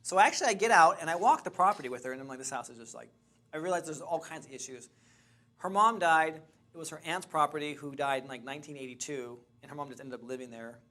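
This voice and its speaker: A man's voice: on the high side, fast talker. Chatty man teaching a class. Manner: animated, chatty, restarts and laughs. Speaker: real estate investing trainer. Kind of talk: lively storytelling to a class.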